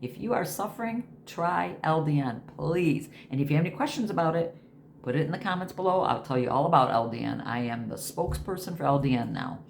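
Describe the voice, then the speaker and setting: A woman's voice: low voice, lively intonation, quick pace, creaky, slight background noise. A woman in her sixties chatting casually to camera at home, rambling from one thing to the next. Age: 60s. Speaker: vlogger.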